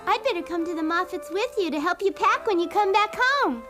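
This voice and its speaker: A very high, childlike voice of a sweet, earnest little girl in a dubbed cartoon. Clear music plays beneath her lines. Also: expressive, brisk, a bit bright. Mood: playful. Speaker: narrator and youngest sister. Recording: music playing underneath.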